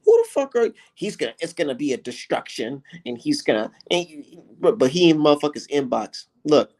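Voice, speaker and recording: A man giving a profane, excitable reaction to boxing clips on his vlog, swearing and mocking as he talks. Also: on the high side, brisk. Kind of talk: profane casual reaction commentary.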